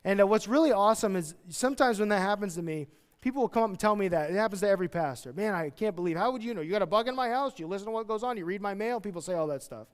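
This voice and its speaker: A man preaching a sermon as pastor, chatty and jokey, with sudden loud, excited outbursts. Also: high-pitched, very fast, clean tone.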